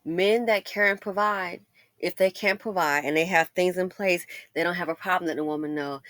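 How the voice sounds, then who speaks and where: A commentary channel host, a middle-aged woman with a fairly low voice, speaks fairly quickly in a recording with no echo. She tells stories in a relaxed monologue, laughing, talking directly to the ladies, and letting out loud exclamations.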